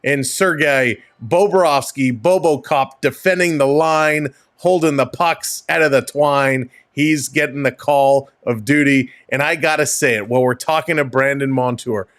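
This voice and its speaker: A man hosting a live hockey stream, reading team lineups in casual, energetic, jokey chat. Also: medium pitch, measured pace, hardly any pauses. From Canada. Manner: energetic, jokey, breaks into laughing fits.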